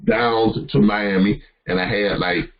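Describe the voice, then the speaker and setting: A man with a low, husky voice hosts a live call-in session and gives advice. He rambles and restarts often, full of "um" and "you know". The audio is dull and lo-fi. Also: fairly even intonation, a little slow. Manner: rambling, many fillers and restarts. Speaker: host answering caller questions.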